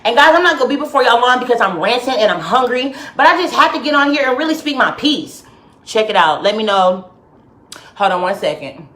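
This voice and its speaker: Heated high-voiced woman ranting on a live stream. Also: expressive, a little fast, a bit bright, roomy sound. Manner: heated, emphatic and indignant, with big pitch swings. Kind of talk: live-stream rant to viewers. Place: at home. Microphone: phone or webcam live stream.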